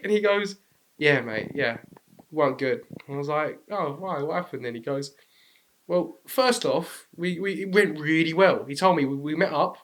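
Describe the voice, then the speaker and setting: A man's voice: fairly high pitch, normal speed, a bit bright. A young man with an English accent, co-hosting a podcast, telling stories in a laddish, slangy way and laughing often. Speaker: podcast co-host. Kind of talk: casual chat.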